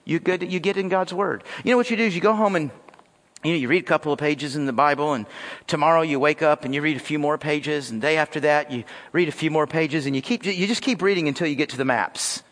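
High-pitched animated preacher in a reverberant church. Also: male voice, fast talker. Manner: animated preaching, talks straight to the congregation. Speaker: pastor. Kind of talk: sermon. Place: church sanctuary.

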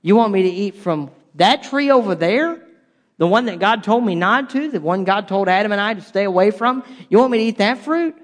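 A man's voice: high-pitched, lively intonation, fairly quick, long reverb tail. Eve, incredulous and sensible, as a man puts her on. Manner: incredulous, matter-of-fact. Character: Eve, young woman, calm and sensible, refusing temptation.

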